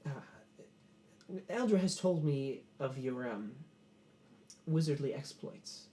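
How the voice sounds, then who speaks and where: A man's voice: mid-range voice, expressive, slow pace, dark tone. A man playing Lalos, a fussy stammering noble. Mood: probing. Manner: stammering and overly courteous. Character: fussy male noble host Lalos, polite and scheming.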